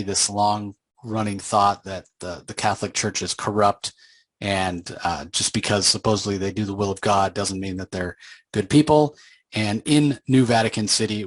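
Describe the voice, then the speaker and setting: A man casually recapping a comic book series as its reviewer, rambling and pausing often to fill gaps with small hesitations. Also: fairly low pitch, no room sound, low-quality recording. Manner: rambling, with frequent filler pauses.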